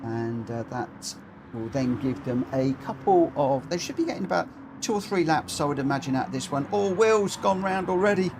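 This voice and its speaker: Chatty brit guy calling online races, kinda high pitched, loud car game sounds underneath. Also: moderate pace. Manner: chatty, excitable, jokey. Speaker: race commentator and lobby host. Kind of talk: live stream commentary. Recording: game audio noise behind.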